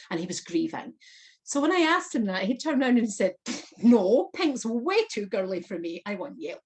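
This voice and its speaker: A woman guest on an interview, recounting a personal experience in an animated manner with frequent laughter. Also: medium pitch. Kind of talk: storytelling interview.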